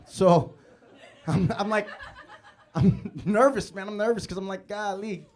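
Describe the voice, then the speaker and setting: Animated young male stand-up comic. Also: sits high, unhurried, slight background noise. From Chicago, US. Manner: animated storytelling with stammered restarts. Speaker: stand-up comedian. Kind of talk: live stand-up comedy set. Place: comedy club stage.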